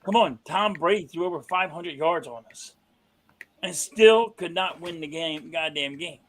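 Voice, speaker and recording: A man in casual sports talk, telling stories with profane, drawn-out emphasis. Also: a little high, a bit bright.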